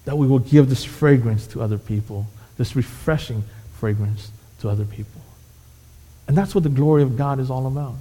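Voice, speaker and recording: A man's voice: mid-range voice, normal speed, mellow. A man preaching a sermon, telling a fable with emphatic, repetitive phrasing. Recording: echoey hall.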